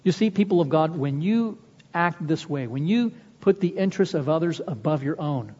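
A male pastor delivering an impassioned sermon to his congregation, pushing his voice up higher and louder to drive points home. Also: animated, moderate pace. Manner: impassioned, rising in pitch and volume to press points. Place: church sanctuary. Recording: long church reverb, dull lo-fi sound.

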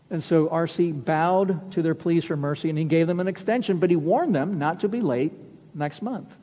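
A man preaching a sermon, telling stories with earnest weight and slowing down to stress key words. His voice is mellow and dark, though a little higher than most men's. The recording sounds dull and lo-fi, with a long church reverb trailing each phrase. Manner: earnest storytelling preacher, slows for emphasis. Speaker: pastor. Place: church sanctuary.

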